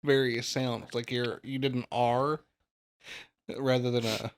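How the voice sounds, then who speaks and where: A man's voice: mid-range voice, level tone, a little slow. A man co-hosting a podcast in casual chat, teasing a friend and laughing. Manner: teasing, laughing, slips into mock British lines. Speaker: podcast co-host.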